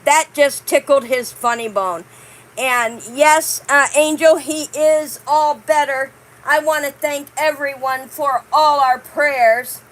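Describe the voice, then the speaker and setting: A woman hosting a casual vlog, chatting with her viewers and reading cards aloud in a warm, drawn-out way. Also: high voice, fairly even intonation, rough recording. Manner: warm, reads cards aloud slowly, chatty asides to "guys". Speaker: channel host.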